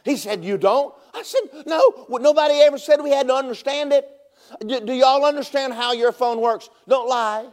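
His pitch is extremely high and his speed normal as this man preaches from the pulpit. He tells stories with lively delivery that breaks into shouting at its climaxes.

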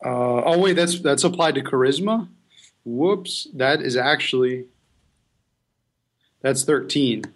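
A man's voice: mid-range voice, slow pace, pauses often. Easygoing man playing a tabletop game. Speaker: player. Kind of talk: casual tabletop game chat.

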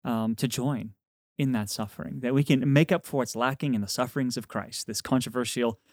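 A man co-hosts a casual talk show, joking warmly with his friends and laughing easily. When he gets to teaching, he turns earnest. His voice sits at an ordinary pitch and sounds close and dry. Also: a little fast, no echo. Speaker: podcast co-host, priest. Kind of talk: casual chat, explaining faith.

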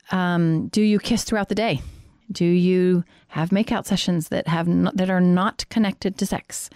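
A woman's voice: medium pitch, no room sound. Woman counselor coaching in a dry voice. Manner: earnest, direct coaching talk. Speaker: counselor for couples. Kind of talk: faith-based teaching on marriage intimacy.

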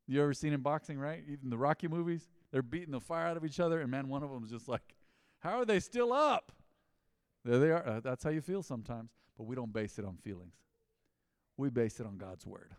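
A man preaching a mid-week sermon as pastor, talking in a conversational, animated way that swings from loud to quiet. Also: mid-range voice, quick pace, clean tone, no room sound, clean studio sound.

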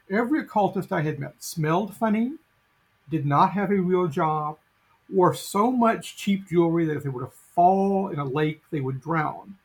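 A man's voice: a little high, vocal fry, husky, poor audio. A middle-aged man telling a long story as an interview guest, with a rambling, anecdotal delivery full of fillers and restarts. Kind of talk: casual storytelling.

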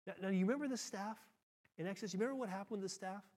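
A middle-aged man preaching a sermon, acting out quotes with big leaps in pitch and moving between quick and slow delivery. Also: a little mellow. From United States. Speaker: pastor.

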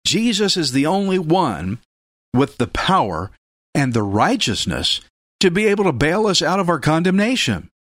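A man preaching a sermon with emphatic delivery, repeating key phrases and breaking into sudden loud bursts. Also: on the high side, very animated, normal speed, no echo, studio quality.

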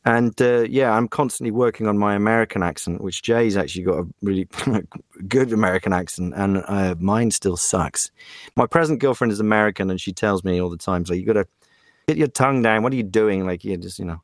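A voice actor from England's West Country, talking in a playful, animated way as a podcast guest. His voice is on the lower side and the sound is dry and close. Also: brisk, dry recording. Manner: animated, playful, slips into accents. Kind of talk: casual interview chat.

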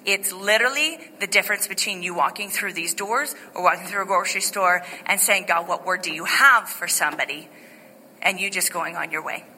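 A middle-aged woman pastor speaks in a very bright, ringing voice, telling a personal story in a chatty, animated way full of fillers and restarts. Her voice carries a long church-hall reverb over a faint hum of noise. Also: on the low side, fairly quick. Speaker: lead pastor. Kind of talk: informal sermon testimony. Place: church sanctuary.

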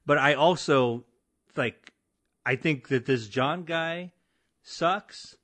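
A man's voice: on the high side, takes it slowly, fairly bright tone, no room sound. A man hosting a casual podcast chat, joking in a dry way.

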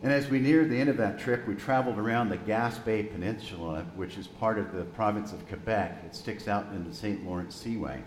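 A man in his sixties, a pastor preaching a sermon, telling a story gently and slowing down for emphasis. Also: on the low side, echoey room, a little hiss or hum, low-quality recording.

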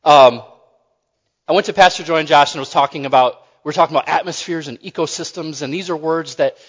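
Man, preacher, casual joking sermon, repeats himself, higher voice, muffled sound. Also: a little fast, a bit bright, big-room sound. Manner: conversational, joking, repeats and restarts phrases.

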